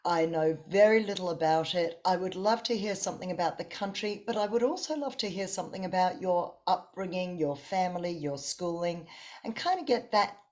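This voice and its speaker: A woman's voice: fairly low pitch, expressive, fairly quick, darkish tone, highs cut off. An enthusiastic woman with an Australian accent, hosting a casual interview podcast. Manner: chatty and enthusiastic. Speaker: podcast host.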